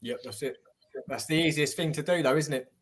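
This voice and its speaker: A man's voice: a little high, a little fast. A man from Essex with a London accent, a guest in a casual chat, friendly and easygoing. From Essex, England. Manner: friendly and easygoing, says "mate".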